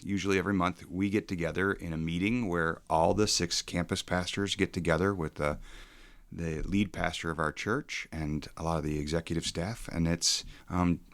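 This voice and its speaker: A pastor in his forties who talks in a halting, reflective way, with many ums and restarts. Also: deep voice, fairly bright tone. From suburbs of Chicago. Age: 40s. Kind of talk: casual podcast conversation.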